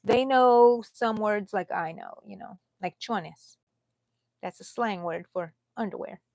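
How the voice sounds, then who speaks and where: A woman's voice: mid-range voice, a little slow, creaky, a little mellow, no echo. A middle-aged woman from the United States chatting casually on a crochet live stream, laughing often and talking to viewers by name. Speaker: crochet vlogger.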